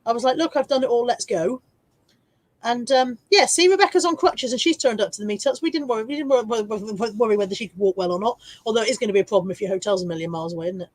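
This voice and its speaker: A woman's voice: racing, few pauses, no room sound, low-quality recording. Chatty woman hosting a live stream. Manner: chatty, laughing, reads viewer comments aloud; high baby-talk voice to her dog. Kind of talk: casual live-stream chat. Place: home.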